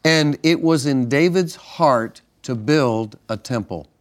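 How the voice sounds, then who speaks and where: A man's voice: medium pitch, slow. Pastor, male, easygoing co-host telling stories on a ministry broadcast. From northern United States. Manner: relaxed storytelling with restarts and chuckles. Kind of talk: casual ministry broadcast chat.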